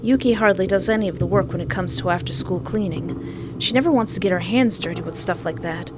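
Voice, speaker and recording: A young woman playing through a visual novel, reading the narration aloud and reacting with dramatic, playful asides and shrill screams. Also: brisk, background noise. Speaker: let's play host.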